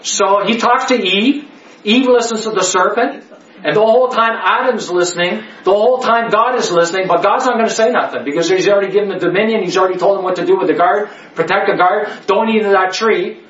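A man's voice: high voice, fast talker, a bit bright. A man leading a Bible study for a small group, talking emphatically, repeating key words and checking in with "okay?" all the time. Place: indoor room with a listening group. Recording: echoey room, mic far off, dull lo-fi.

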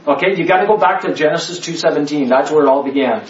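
A man with a fairly high, fast voice leads a small-group Bible study in an indoor room, speaking emphatically, repeating key words and constantly checking in with "okay?" The recording is dull and lo-fi, with a far-off mic in an echoey room.

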